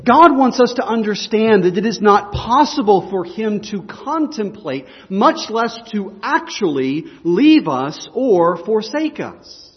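Male pastor, high voice, measured delivery, earnest preaching; dull recording with long hall reverb. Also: very animated. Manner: earnest, emphatic preaching with repeated restarts. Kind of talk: sermon.

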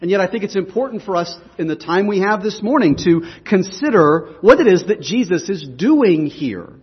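A man preaches with a high, slightly husky voice, working through the text and putting questions to his congregation. His words hang in the long reverb of a church hall. The recording is muffled and dull. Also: animated, normal speed. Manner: explanatory, asks the congregation questions. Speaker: pastor. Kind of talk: sermon.

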